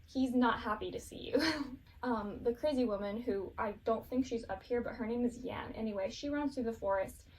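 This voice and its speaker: A woman's voice: a little high, normal speed, distant mic, a little hiss or hum. A woman casually recapping a show, rambling and giggling, with lots of fillers.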